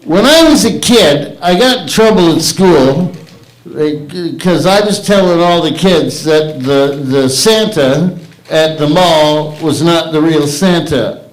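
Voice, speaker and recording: A man's voice: a little high, slow. A man hosting an open mic stand-up night, crude, rambling and self-mocking on a stage microphone. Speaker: comedy open mic host. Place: comedy stage in a theater. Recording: echoey live room.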